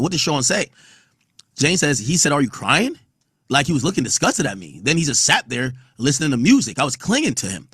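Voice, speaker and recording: On the high side with a fairly bright tone and a breathy edge, a man's voice comes through clean studio sound with no echo. He's a podcast host reading court testimony aloud and riffing on the quotes in blunt, profane, casual commentary.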